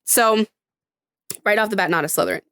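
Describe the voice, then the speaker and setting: A woman's voice: mid-range voice, a little fast, gravelly, fairly bright tone, no echo, clean studio sound. A young adult woman co-hosting a podcast in casual chat, laughing often and acting out quotes from a film. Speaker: podcast co-host.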